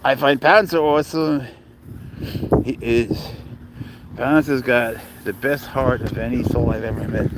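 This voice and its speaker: A man chatting casually on a live stream, swearing freely, laughing often and slipping into soft baby talk with his pet. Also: medium pitch, steady tone, measured pace, long pauses, very noisy.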